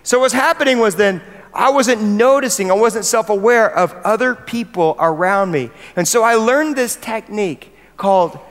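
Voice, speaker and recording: A man's voice: high-pitched, normal speed. An American man, a pastor, gives an earnest, emphatic sermon to church leaders and asks the room questions. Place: large hall with other church leaders. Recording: long hall reverb.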